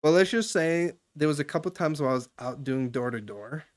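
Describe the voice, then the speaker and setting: In a brisk, lively voice that sits on the high side, a young live streamer offers a stranger some casual advice. He talks loosely and for a long time, restarting often and filling gaps with fillers.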